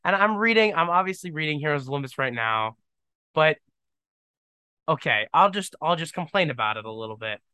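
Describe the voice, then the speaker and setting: A young man hosting his own podcast, thinking out loud in a rambling, self-deprecating and joking way. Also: fairly high pitch, lively intonation, brisk, clear, resonant tone, dry recording. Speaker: podcast host. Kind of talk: casual solo podcast monologue.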